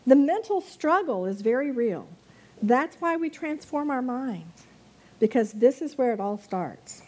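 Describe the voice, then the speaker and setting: A woman's voice: high-pitched, big pitch swings. Earnest woman preaching a sermon. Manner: earnest, reads scripture slowly and softly. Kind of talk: sermon with scripture reading.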